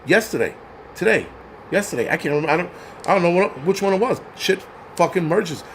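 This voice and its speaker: High-voiced man ranting profanely. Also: expressive, a little fast, a little hiss or hum. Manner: profane, heated ranting with stammered restarts. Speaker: channel host. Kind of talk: live-streamed rant.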